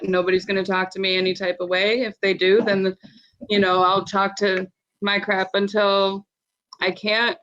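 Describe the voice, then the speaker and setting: A woman's voice: mid-range voice, fairly bright tone. Brash woman on a muffled podcast mic. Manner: blunt, brash, chatty with fillers. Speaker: guest, wrestling promotion co-owner. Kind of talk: casual podcast interview. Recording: slightly dull lo-fi sound.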